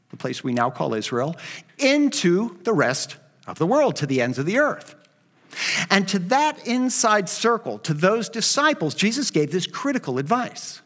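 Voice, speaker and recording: A man's voice: on the high side, a bit bright. A middle-aged man preaching a sermon as pastor, emphatic and conversational, with asides to the congregation. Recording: long reverb in a large hall.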